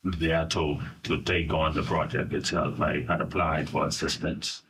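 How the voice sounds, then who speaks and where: A middle-aged Bahamian man recounting a personal ordeal in an interview, halting and full of "you know". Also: a bass voice, flat delivery, noisy background. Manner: halting, searching for words, frequent "you know". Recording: voice from a distance.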